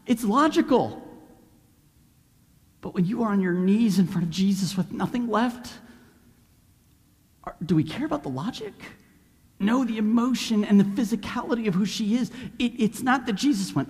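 Animated high-voiced man preaching in a hall. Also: moderate pace, long pauses. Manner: animated, acts out voices of Bible figures. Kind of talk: sermon.

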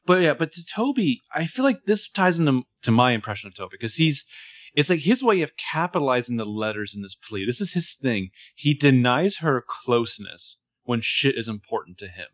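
A man's voice: medium pitch, big pitch swings, normal speed, dry recording. Chatty man with a dry sound. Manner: chatty, shares readings and theories. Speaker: podcast co-host. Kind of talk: casual recap chat.

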